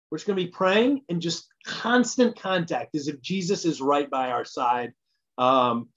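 A man giving a casual midweek church talk as pastor, conversational and enthusiastic, thinking aloud as he goes. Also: high voice. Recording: dull lo-fi recording.

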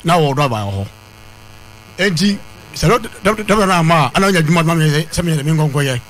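Defensive high-pitched man. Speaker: disputant. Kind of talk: heated dispute on a talk show.

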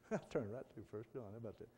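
A middle-aged man, preaching a folksy sermon that swings from soft pleading to loud fervent calls. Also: medium pitch, quick pace, slightly rough. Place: church sanctuary. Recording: long church reverb.

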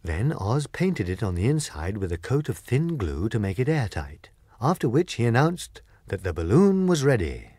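A man narrating a classic children's story as an audiobook reader, expressive and clear. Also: mid-range voice, moderate pace, no room sound, studio quality. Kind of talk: storybook reading.

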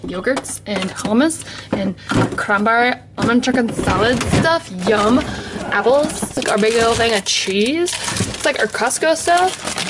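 A woman's voice: fairly high pitch, takes it slowly, very noisy. A young woman chatting to her camera as she walks around her house, rambling and laughing often. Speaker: vlogger. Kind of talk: casual chat to camera. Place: at home, walking around the house.

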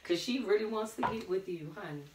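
A woman's voice: medium pitch, lively intonation, a little fast, distant mic, background noise. A woman doing a casual tarot reading, sassy and blunt, calling the listener honey and baby girl. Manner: sassy, blunt, calls listener pet names. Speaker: tarot reader. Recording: roomy echo, off-mic.

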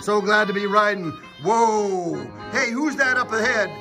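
A man's voice: high-pitched, unhurried, over music. Man doing a yelping biker guy. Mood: excited. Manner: yelping, indignant rambling. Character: excitable male motorcycle rider.

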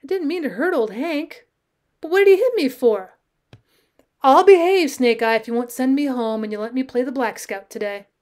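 A woman's voice: high voice, expressive, normal speed, a little mellow. A woman voicing a bossy, mischievous young boy in a storybook reading, cocky and sullen.

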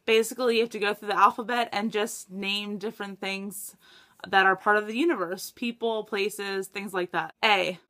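A young woman chatting to camera for her book vlog, excitable, laughing often and swearing when she gets stuck. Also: mid-range voice, normal speed. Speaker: book vlogger. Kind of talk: casual chat to camera.

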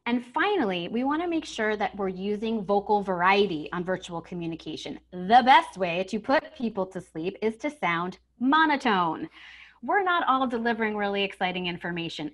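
A communication trainer leads a webinar coaching session on voice use, recorded on a home setup over a video call. She is demonstrative and emphatic, leaning on key words and changing her pitch and volume to illustrate each tip.

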